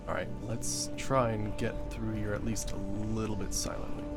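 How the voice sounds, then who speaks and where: A young man giving live gameplay commentary, excitable, laughing and exclaiming often. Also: fairly low pitch, moderate pace, over loud music. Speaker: game streamer.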